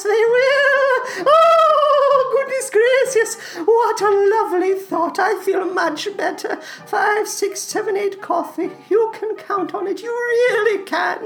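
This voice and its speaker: A woman voicing a creepy, childlike male creature who is whimsical and morbid, giggling and tearful in a slow, drawn-out comedic sketch. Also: extremely high pitch, voice pushed up, full character voice. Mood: giddy defiant.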